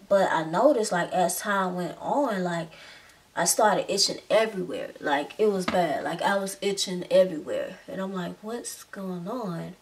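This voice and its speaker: A young woman telling a personal story in a casual, chatty way, with many filler words. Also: on the low side. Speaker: vlogger. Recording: slightly distant mic.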